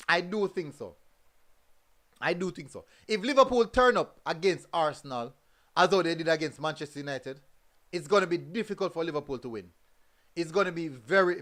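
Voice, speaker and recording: A man's voice: high voice, fairly bright tone. A man hosting a casual football review show, often repeating his phrases for emphasis.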